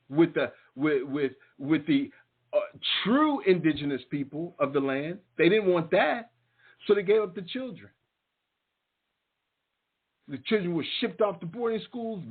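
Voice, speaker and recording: High, husky man on a tinny line. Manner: fiery, mocking, repeats phrases for emphasis. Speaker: show host. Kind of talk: impassioned online talk show monologue. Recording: tinny phone-like sound.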